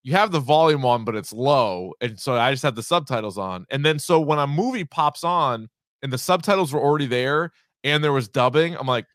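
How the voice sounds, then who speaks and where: A man's voice: mid-range voice, fairly quick, dry recording, clean studio sound. A man in his thirties co-hosting a podcast, chatting casually, swearing freely and telling stories with energy. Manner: swears freely, animated storytelling. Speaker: podcast co-host. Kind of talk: casual chat.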